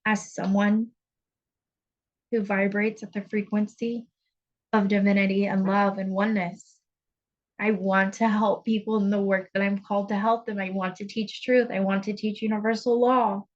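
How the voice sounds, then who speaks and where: A woman spiritual coach speaking in a confessional teaching monologue, earnest and intense, with blunt swearing here and there. Her voice sits at an ordinary middle pitch for a woman. The recording is dull and lo-fi. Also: little pitch movement, moderate pace.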